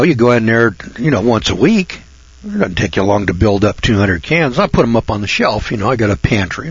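A man's voice: mid-range voice, a bit bright, breathy edge, dry recording, lo-fi sound. A man hosting a radio talk show, ranting in a folksy, sarcastic monologue that rambles and often restarts.

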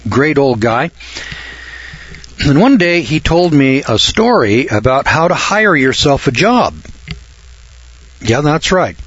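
Older male storyteller, husky voice, halting folksy delivery, dry and slightly muffled recording. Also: fairly high pitch, sing-song, fairly bright tone, dry recording. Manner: rambling, halting delivery with frequent clears of the throat. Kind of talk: folksy spoken anecdote.

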